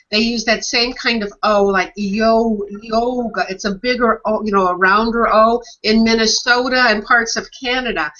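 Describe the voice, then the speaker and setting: A woman co-hosting a casual chat, lively and enthusiastic as she talks about words. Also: medium pitch. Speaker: co-host. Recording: muffled lo-fi audio.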